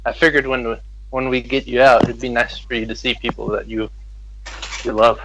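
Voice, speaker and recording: A man's voice: medium pitch, flat delivery, moderate pace, background noise, natural voice. Courteous young hero, hesitant and polite, everyday voice, played by a male player.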